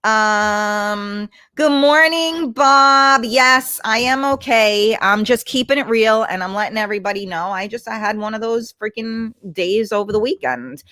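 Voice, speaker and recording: A woman's voice: medium pitch, normal speed, few pauses, no room sound. Woman host, casual livestream chat, blunt and chatty, dry close sound. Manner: blunt, chatty, swears freely; warm greetings to viewers by name.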